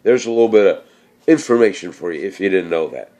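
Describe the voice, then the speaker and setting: Middle-aged male vlogger, low-pitched, slightly slurred, hesitant, casual chat. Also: animated, fast, warm tone. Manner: rambling, hesitant, many fillers. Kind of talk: casual cooking chat and viewer shout-outs.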